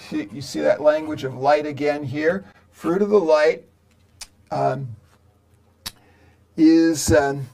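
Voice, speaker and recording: A man, a seminary professor, explaining a Bible passage verse by verse in a podcast lecture, slow and halting with many fillers. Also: a little high, vocal fry, a little mellow.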